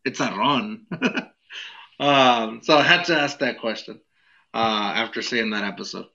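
Man, podcast co-host, casual chat, bright tense voice, dull lo-fi sound. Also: mid-range voice, expressive, a little slow, vocal fry. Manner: laid-back, hesitant, laughs often.

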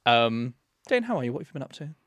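A man co-hosting a podcast in a studio, chatting in a camp, theatrical, bantering way with quick innuendo. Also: mid-range voice, sing-song, fairly bright tone, dry recording. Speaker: podcast co-host. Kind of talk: camp, bantering casual chat.

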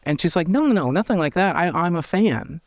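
A man, telling candid stories as an interview guest, animated and swearing freely as he acts out quoted voices. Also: high-pitched, brisk, no room sound, clean studio sound. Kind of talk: candid storytelling.

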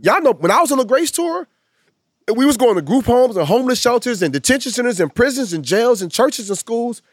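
Fast-talking emphatic high-voiced man. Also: very animated, dry recording, studio quality. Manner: emphatic, preacher-like, builds long repeated lists. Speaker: guest speaker and minister. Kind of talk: casual podcast conversation.

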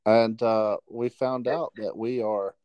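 A man's voice: lowish voice, fairly even intonation, slow pace, a little mellow, clear, resonant tone, no room sound, poor audio. A man co-hosting a podcast over the phone, rambling hesitantly with many fillers. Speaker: podcast co-host calling in. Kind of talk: casual chat.

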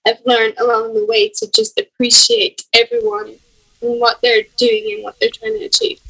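A Scottish woman with a high, bright voice, talking casually as a podcast guest. She rambles in a friendly way and often stops mid-thought to hunt for a word. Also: expressive, normal speed, creaky, rough recording. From Scotland. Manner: chatty, trails off searching for words. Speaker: guest, professional golfer.

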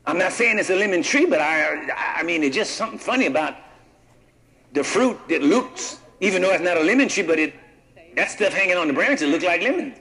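A high, expressive, bright voice with a forceful tone delivers a sermon a little fast, captured in a low-quality recording. Reading scripture aloud, the preacher calls on the congregation to respond "what?" and frequently repeats words and starts sentences over.

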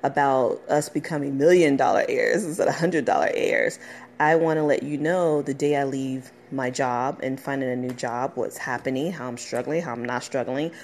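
A woman's voice: a bass voice, moderate pace, darkish tone, a little hiss or hum. A woman hosting her own podcast, talking casually, emotional and encouraging, rambling a bit as she goes. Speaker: podcast host. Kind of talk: casual motivational podcast talk. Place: at her workplace, a dog barking nearby.

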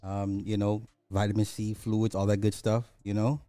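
A man who is sick hosts a live radio show in a loose, rambling way, repeating lines and swearing as he gets excited. His voice is mellow and dark, recorded dry and close, with faint music underneath. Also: lowish voice, moderate pace, clear, resonant tone, dry recording.

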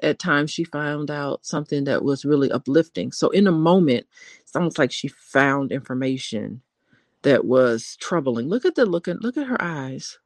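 A woman's voice: sits low, animated, normal speed, no echo. A woman co-hosting a casual live-stream chat as a relationship therapist, thoughtful and hesitant, with fillers.

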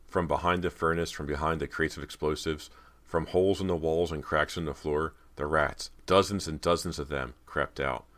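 A man narrating a horror audiobook at a steady storytelling pace. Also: extremely low pitch, moderate pace.

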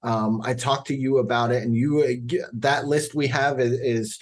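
A man's voice: mid-range voice, fairly even intonation, normal speed. Enthusiastic male podcast host. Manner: enthusiastic, rambling introduction with fillers. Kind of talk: casual podcast chat.

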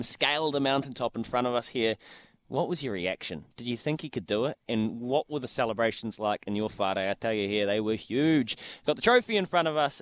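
A man's voice: mid-range voice, dry recording. A New Zealand man hosting a breakfast radio show, asking questions with an upbeat presenter's delivery.

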